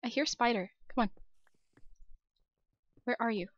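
A woman's voice: a little high, a little slow, pauses often, dry recording, dull audio. A young woman narrating her own game as a let's-play host, nervous and shaky, talking to herself and her viewers. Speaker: gaming channel host.

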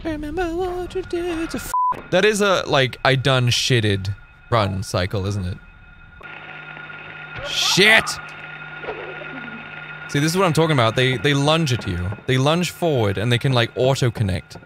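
A man in his thirties from Northern Ireland, commentating a horror game stream, excitable, yelling, swearing and putting on joke voices. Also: mid-range voice, measured pace, long pauses, noisy background. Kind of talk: let's-play stream commentary.

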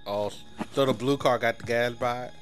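Excitable, profane man gaming. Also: medium pitch, moderate pace. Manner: excitable, panicky, joking, profane. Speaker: gamer. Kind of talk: live gameplay chat with teammates. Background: game music.

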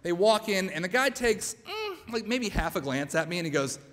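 High-voiced man telling a story on stage. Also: lively intonation, a little fast, a bit bright. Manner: chatty, self-mocking, full of "like". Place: church hall with live audience. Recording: long hall reverb, faint room noise.

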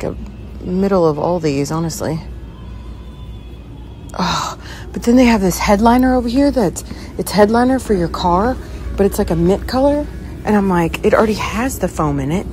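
Chatty woman vlogging while shopping. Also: fairly low pitch. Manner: chatty, excitable, says "y'all" and "freaking". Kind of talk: casual vlog narration. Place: fabric store. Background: background music.

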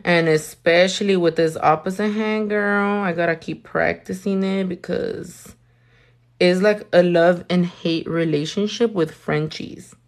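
A woman's voice: on the low side, steady tone, unhurried. A woman, chatting casually and cursing freely while livestreaming her nail work. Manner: sassy, swears a lot, mixes in Spanish.

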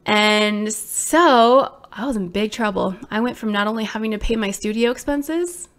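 A woman in her thirties, a small business owner, telling viewers her own story in an animated, exclamatory way, full of "like". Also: on the high side, normal speed. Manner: animated, exclamatory, many fillers like "like".

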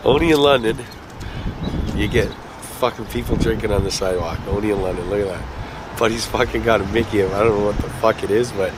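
A man's voice: on the low side, a little fast. A man filming a casual vlog, brash and teasing, swearing constantly. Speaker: work crew boss filming a vlog. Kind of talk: profane casual chat. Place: outdoors at a work site and in a car. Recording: loud outdoor and traffic noise.

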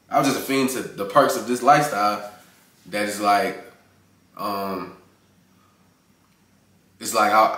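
A man hosting a music reaction video, chatting in a hyped, excited way and talking over the track. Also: fairly low pitch, far from the mic. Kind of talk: casual music reaction commentary. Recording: echoey room with music playing.

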